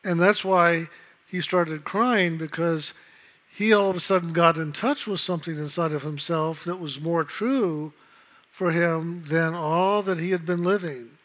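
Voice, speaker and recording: A man calmly telling a personal story in a reflective, unhurried way, acting out the voices of others in it. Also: fairly high pitch. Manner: calm, unhurried, reflective, acts out quoted voices. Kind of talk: casual spoken storytelling.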